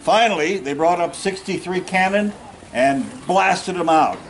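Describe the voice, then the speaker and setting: A man with a high-pitched voice talks a little slowly, some hiss or hum marring the rough recording. He's reenacting a plainspoken Union general at an outdoor park history event, recounting war stories in first person with folksy humor and audience jokes.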